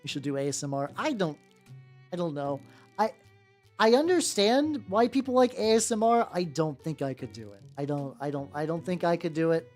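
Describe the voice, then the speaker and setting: A woman with a gentle, relaxing voice chatting casually on a stream while painting miniatures, rambling with lots of restarts and casual swearing. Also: deep voice, lively intonation, moderate pace. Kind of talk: casual chat. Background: faint background music.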